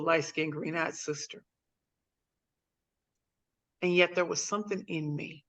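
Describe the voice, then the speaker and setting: A woman's voice: sits low, fairly bright tone, lo-fi sound. A woman in her forties, from St. Louis, telling her life story as a guest speaker on a video call, emphatic and repeating phrases for effect. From St. Louis, USA. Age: 40s. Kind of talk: motivational personal story.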